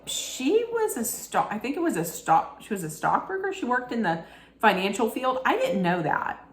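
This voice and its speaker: A woman's voice: on the high side, big pitch swings, normal speed. A woman vlogger giving casual, frank commentary on a documentary, telling it like gossip and talking straight to the viewer. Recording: echoey room.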